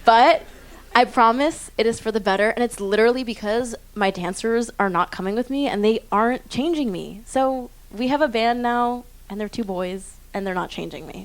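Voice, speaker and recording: A woman's voice: a little high, brisk. A woman in her twenties, a singer being interviewed on a theater stage, talking in a chatty, bubbly, self-deprecating way. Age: 20s. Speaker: guest singer. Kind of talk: live onstage interview. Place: theater stage before an audience.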